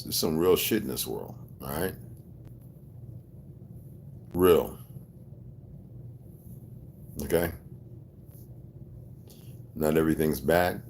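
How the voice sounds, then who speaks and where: A man with a very deep, low-pitched voice speaks straight to his audience in a rambling personal monologue. He swears freely and presses his points hard, with a conspiratorial edge. He keeps checking in with his listeners to ask whether they follow him. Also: slight background noise. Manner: profane, emphatic, conspiratorial rant. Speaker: video blogger.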